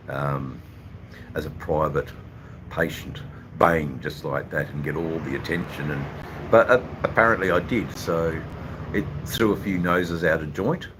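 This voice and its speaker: An Australian man with an extremely deep, low voice chats casually on his live stream. He rambles and hesitates, with a steady trickle of ums and uhs, over a faint hiss in the background. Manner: rambling, hesitant, full of fillers. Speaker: livestream host.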